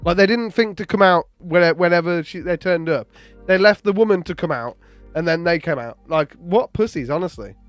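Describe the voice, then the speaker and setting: A man's voice: high-pitched, expressive, moderate pace, soft background music. A British man giving casual, opinionated commentary on a video clip, laughing along now and then. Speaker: commentary host. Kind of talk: reaction commentary.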